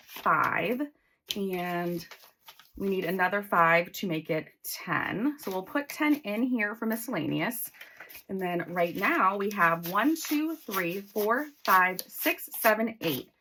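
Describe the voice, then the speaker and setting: Woman, 40s, budgeting vlogger: chatty, excitable, pitch bounces around a lot as she counts bills aloud, faint hiss behind. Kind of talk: casual chat while counting cash.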